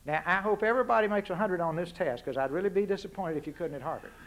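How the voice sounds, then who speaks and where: A man's voice: high-pitched, quick pace, fairly bright tone. A man in his sixties with a Texan accent giving a folksy, punchy public address in a university lecture hall, firing off rhetorical questions. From Texas. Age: 60s. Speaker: public speaker.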